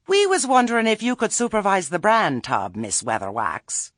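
A man's voice: sits high, wildly swooping pitch, normal speed, fairly bright tone, no room sound, clean studio sound, voice pushed up, heavily acted. A man doing a prim, fussy committee lady.

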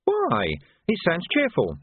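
A naive, eager young recruit as a male narrator puts him on, pitched high and full of questions, husky and leaping in pitch. The recording is narrow and phone-like. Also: wildly swooping pitch, takes it slowly, full character voice. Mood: curious. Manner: high, wide-eyed questioning. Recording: tinny phone-like band.

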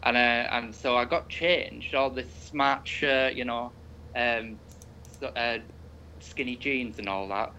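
Podcast guest: young Englishman, mid-pitched, loose and crude, laughs a lot mid-story. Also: steady tone, slow pace, sharp tone, lo-fi sound, slight background noise. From England. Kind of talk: casual chat.

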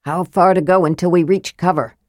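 A woman's voice: lowish voice, fairly even intonation, brisk, a little mellow, dry recording, clean studio sound, natural voice. Commanding half-elf leader, urgent and clipped, storybook role, as a woman narrator plays him.

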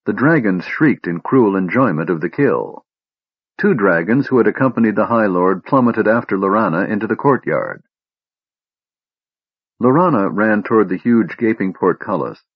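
A man narrating a fantasy audiobook in a steady, measured storytelling voice on a dull lo-fi recording. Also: lowish voice, husky, dry recording.

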